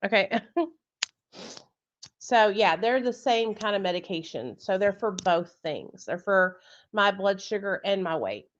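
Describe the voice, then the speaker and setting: A blunt, foul-mouthed woman hosting a casual live chat and laughing often. Her voice sits at an ordinary middle pitch. The audio is a little dull and lo-fi, like a video call. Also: lively intonation, unhurried, a little hiss or hum. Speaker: podcast host.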